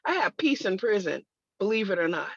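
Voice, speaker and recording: A woman's voice: mid-range voice, sing-song, brisk, breathy edge, dry recording. A woman sharing a personal testimony in conversation, telling it emphatically with religious exclamations. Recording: dull lo-fi, dry sound.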